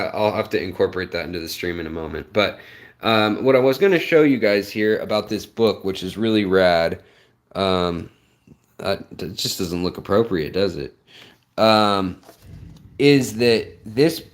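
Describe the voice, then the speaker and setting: A man's voice: lowish voice, unhurried. A man hosting a casual live stream, rambling with lots of fillers and greeting viewers in the chat by name. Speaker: livestream host.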